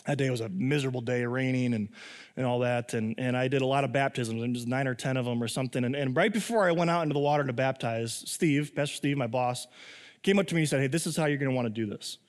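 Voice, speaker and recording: A man's voice: medium pitch, fast talker, in a large hall. A pastor in his thirties preaching a conversational sermon, often asking "right?" and acting out quotes. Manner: conversational, tag questions, lively acted quotes.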